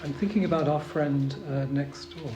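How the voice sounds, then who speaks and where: A man giving a dharma talk as a Zen teacher, hesitant with many pauses and ums, gently humorous. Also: fairly high pitch, music in the background. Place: retreat meditation hall. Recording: roomy hall with faint ambience.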